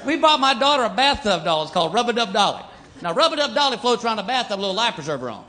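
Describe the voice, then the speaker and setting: A man's voice: sits high, very animated, very fast. A man with a Texan accent performing a stand-up comedy routine, drawling through stories and acting out dumb characters before a live audience. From Texas. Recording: live show with crowd laughter and noise.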